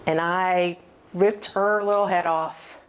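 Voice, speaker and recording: A woman's voice: lowish voice, steady tone, takes it slowly, clear, resonant tone. A woman in her forties giving a personal testimony, candid and self-mocking as she tells her story. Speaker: recovery testimony speaker.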